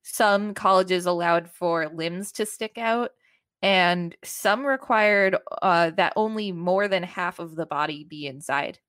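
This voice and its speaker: A woman's voice: lowish voice, slow pace, fairly bright tone, clean tone, no room sound, studio quality. A woman hosting a casual podcast, asking quiz questions and explaining the answers in a matter-of-fact way. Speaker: podcast host. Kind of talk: casual chat, quizzing a co-host.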